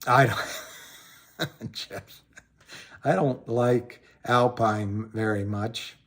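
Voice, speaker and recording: A man's voice: mid-range voice, steady tone, drawn-out words, a bit bright. A man hosting a casual livestream, rambling about money and greeting viewers by name, often trailing off and restarting. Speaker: livestream host.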